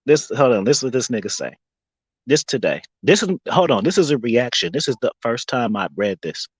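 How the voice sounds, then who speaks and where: A man livestreaming in a casual rant, animated and mocking, breaking into laughter often. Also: mid-range voice, normal speed, pauses often, breathy edge, dry recording, poor audio.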